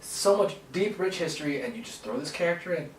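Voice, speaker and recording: Young male co-host, lively swings in pitch, roomy and distant camera-mic sound. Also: brisk, a little hiss or hum. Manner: animated, laughing, swearing, acts out quotes. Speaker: podcast co-host. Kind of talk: casual movie discussion.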